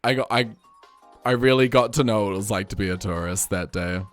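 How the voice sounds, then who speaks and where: A young man from New Zealand, speaking with a New Zealand accent, tells stories in casual chat as a streamer, a little fast, laughing often and jumping up in pitch when excited. Faint music plays in the background.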